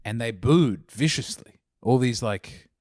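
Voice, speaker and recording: A man telling animated stories with dry jokes in casual podcast chat. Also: mid-range voice, a little slow, no echo. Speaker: guest comedian.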